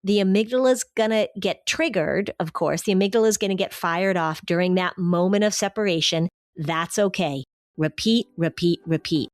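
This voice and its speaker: A woman co-hosting a parenting podcast, giving advice in a conversational, animated way and acting out what kids say. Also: on the low side, moderate pace, dry recording. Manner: animated, acts out kids' voices in quotes. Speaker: podcast host, anxiety expert.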